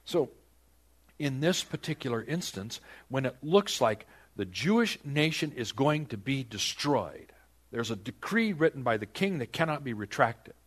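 A man's voice: medium pitch, sing-song, a little slow, husky. A man preaching a Bible-teaching sermon, asking rhetorical questions and dramatizing the text.

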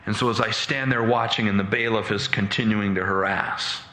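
A man preaching, telling a dramatic story with animated, halting retelling, in an echoey room. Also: on the low side. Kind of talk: sermon storytelling.

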